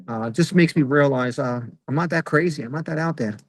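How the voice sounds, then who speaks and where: A man's voice: a little high, brisk, no room sound, low-quality recording. A middle-aged man doing a rambling stand-up comedy set over a video call, full of fillers and acted-out quotes. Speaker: stand-up comic.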